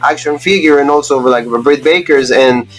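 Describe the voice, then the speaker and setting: A man's voice: medium pitch, a bit bright, faint music behind. A man co-hosting a wrestling review, talking casually with lots of "like" and "you know". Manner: fast, full of "like" and "you know". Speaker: wrestling show co-host. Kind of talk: casual chat.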